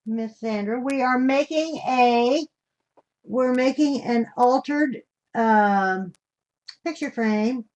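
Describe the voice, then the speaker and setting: A woman's voice: on the high side, slow, darkish tone. An older woman hosting a live craft demonstration, chatting in a homey way and greeting viewers with endearments. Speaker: craft show host.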